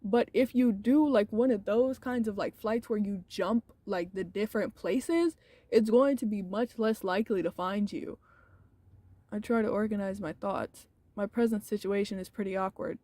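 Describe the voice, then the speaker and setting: Woman streamer rambling, lots of "like", mellow warm voice, dry close mic. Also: mid-range voice, moderate pace, dry recording. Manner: rambling with many fillers. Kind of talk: casual chat while reading a game aloud.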